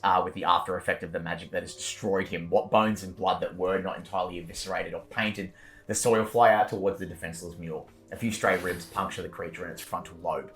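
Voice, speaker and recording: Casting: male dungeon master, lowish voice, gory horror narration with loose fillers. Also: fairly even intonation, brisk, fairly bright tone, faint music behind. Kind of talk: narrating a tabletop game.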